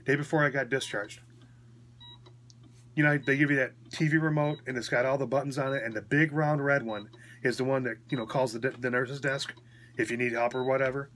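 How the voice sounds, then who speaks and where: Man, mid-pitched voice, casual rambling story, blunt and chatty, just out of hospital. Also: fairly even intonation, brisk, fairly bright tone. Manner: rambling and frank, checking in with 'okay?'. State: recovering after a hospital stay. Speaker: vlogger.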